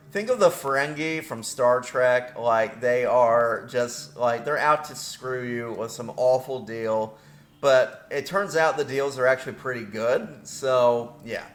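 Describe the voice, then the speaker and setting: Casual male game commentator, rambling and self-deprecating, roomy echo. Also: medium pitch. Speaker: game channel host. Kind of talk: gameplay commentary. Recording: roomy echo with faint music.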